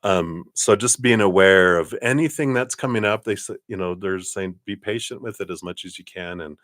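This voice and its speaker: A man giving a live tarot card reading in a relaxed, chatty way, often laughing. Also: deep voice, normal speed, no echo, clean studio sound.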